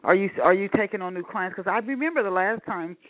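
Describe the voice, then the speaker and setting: A woman's voice: medium pitch, quick pace, no echo. Woman host on a tinny phone line. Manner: affirming, repeating her questions. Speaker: radio show host. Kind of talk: interview on radio.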